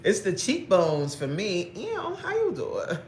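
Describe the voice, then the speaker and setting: Playful fitness coach in an echoey room. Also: female voice, mid-range voice, slow, a little hiss or hum. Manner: playful, animated, laughs often, greets viewers by name. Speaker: fitness coach and livestream host. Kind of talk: casual livestream chat reading comments.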